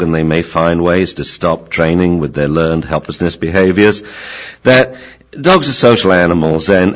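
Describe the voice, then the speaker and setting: A man's voice: sits low, rough recording. An older man, a dog trainer, giving an informal lecture in a chatty way, often repeating his words and acting out dogs and owners.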